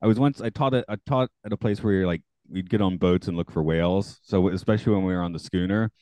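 A man's voice: low-pitched, quick pace, darkish tone, no echo. A man in his forties hosting a podcast, chatting casually, laughing often and rambling with restarts. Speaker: podcast host. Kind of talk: casual chat.

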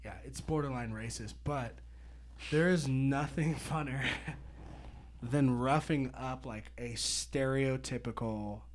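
A man's voice: medium pitch, takes it slowly. Crude, joking young man in casual chat. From Northern California. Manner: crude, joking storyteller who swears a lot.

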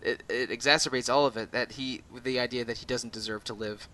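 A man's voice: mid-range voice, steady tone, a little fast, sharp tone. A man co-hosting a casual podcast, talking through a game's characters with many fillers and restarts. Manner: hesitant, repeats words, frequent fillers. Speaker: podcast co-host. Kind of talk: casual game discussion.

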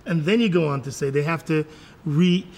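A man's voice: on the high side, moderate pace, a little mellow. A man hosting a parenting podcast, asking questions and affirming his guests often. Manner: affirming, frequent mm-hmms and praise. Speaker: podcast host. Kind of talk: interview hosting.

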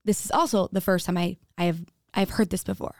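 Frank woman with vocal fry. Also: on the low side, steady tone, a little fast, dry recording, studio quality. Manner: frank, casual, swears freely, uses "like" often. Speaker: podcast speaker. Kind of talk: candid personal storytelling.

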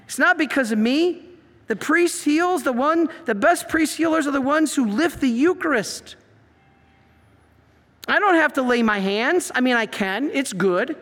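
Man, priest, lively preaching, very high pitch, long hall reverb. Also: a little slow. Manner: animated storyteller, acts out quotes. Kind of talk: preaching talk.

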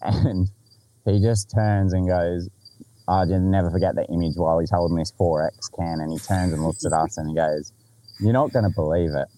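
A man's voice: low voice, level tone, normal speed, dark tone. A man with an Australian accent telling a story in casual podcast chat, laid-back, swearing freely and laughing along.

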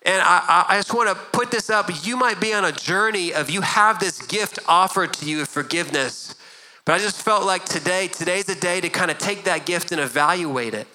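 A middle-aged pastor preaches earnestly and conversationally at normal speed, often doubling back on his words. His voice is very bright and ringing, a little high for a man, and the recording is low quality.

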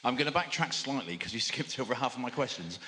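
Bright-voiced male host, chatty, heard in a reverberant hall. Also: medium pitch, expressive, fast talker. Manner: chatty, self-deprecating. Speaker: interviewer. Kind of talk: live on-stage interview.

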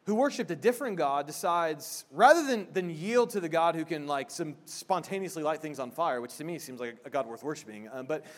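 A man's voice: on the high side, animated, brisk, few pauses. Man preaching in a conversational way. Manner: conversational preaching with frequent restarts; soft, hushed prayer. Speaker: pastor. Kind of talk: sermon.

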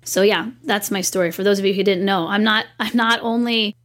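This guest, a woman in her thirties who owns a company, speaks fairly quickly in a mid-range voice. She's relating a personal story in a casual interview, chatty and full of animation.

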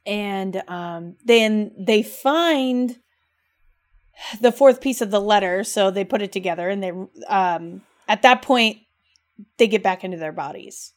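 A woman co-hosting a casual podcast, talking about games in an animated, gushing, emotional way. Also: medium pitch, unhurried. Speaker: podcast co-host.

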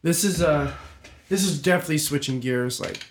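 A man's voice: fairly high pitch, a little fast, slight background noise. A man telling a rambling, swear-laced story in a casual chat with friends, full of restarts. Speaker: storyteller on a group podcast. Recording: roomy echo.

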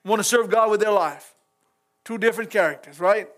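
A man's voice: high voice, fairly quick, a bit bright. A middle-aged man, a pastor, preaching an informal sermon in church, folksy and chuckling as he talks straight to the congregation.

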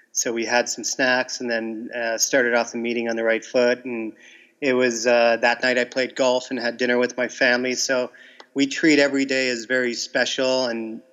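A man's voice: medium pitch, fairly bright tone, lo-fi sound. A Canadian man of fifty, a teacher, chatting easily as a podcast guest with some ums and restarts. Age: 50s. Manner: easygoing, hesitant with fillers. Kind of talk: relaxed interview chat.

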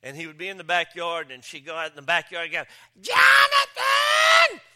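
A man preaching a sermon as pastor, joking and telling stories with lively delivery. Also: fairly high pitch, fast, shouting. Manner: joking, animated storytelling with voices. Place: church campus.

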